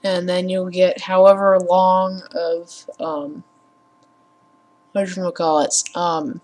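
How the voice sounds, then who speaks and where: A woman's voice: lowish voice, flat delivery, slow pace, a little mellow. A young woman rambling casually as a gaming vlogger at her home computer, sarcastic and prone to swearing and ranting. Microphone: computer mic with headphones.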